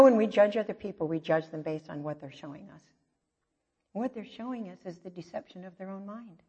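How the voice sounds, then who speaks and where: A middle-aged woman giving a conversational sermon, telling self-mocking stories with lively asides. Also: mid-range voice. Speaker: church speaker. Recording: dull, echoey hall recording.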